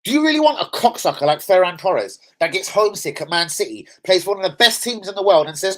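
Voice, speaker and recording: A man, ranting angrily and profanely on a live football fan stream, swinging between loud outbursts and low mutters. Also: expressive, fast talker, hardly any pauses.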